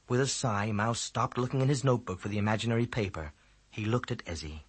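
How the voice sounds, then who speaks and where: A man with a husky voice narrating a children's book aloud, reading expressively. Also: fairly low pitch, brisk, dry recording. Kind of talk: audiobook narration.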